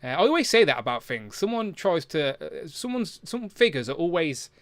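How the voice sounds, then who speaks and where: A man's voice: fairly high pitch, very animated, normal speed, a bit bright, dry recording. Male host, chatty, close and dry. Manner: chatty, reads viewer comments aloud. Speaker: livestream host. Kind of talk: casual chat about toys.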